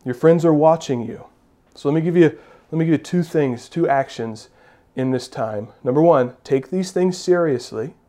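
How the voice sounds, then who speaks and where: Emphatic, fairly high-voiced male preacher. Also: moderate pace, warm tone. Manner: emphatic, repeats key phrases, rhetorical questions. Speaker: pastor. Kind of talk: sermon.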